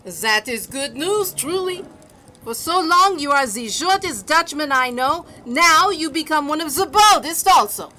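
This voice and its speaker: A woman's voice: high voice, lively intonation, a little slow, sharp tone, slight background noise, exaggerated voice. Woman doing a teasing German baker lady. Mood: wry. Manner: teasing, scolding. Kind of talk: audio drama acting.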